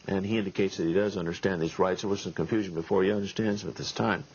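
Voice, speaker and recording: A man's voice: lowish voice, steady tone, fast, few pauses, slight background noise. A middle-aged man, a pastor, telling a story in a wry, folksy sermon style, chuckling often. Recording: lo-fi 1990s video tape.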